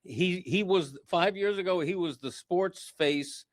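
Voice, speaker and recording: A man giving calm, reasoned sports media commentary as a podcast guest, with small hesitations. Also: high-pitched, a little slow, no echo.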